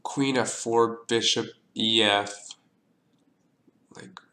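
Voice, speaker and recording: A chess streamer analyzing a position thinks aloud through the moves, muttering slowly, mocking himself, and coughing now and then. His voice is on the low side and fairly even in intonation, with a bright, forceful tone.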